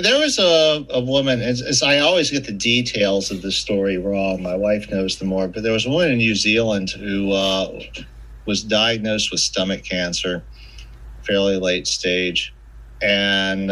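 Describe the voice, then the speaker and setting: Podcast guest: a man with a bright, forceful voice and an animated, storytelling delivery, casual and profane. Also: low-pitched, poor audio. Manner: animated storyteller, swears freely. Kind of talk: casual conversation.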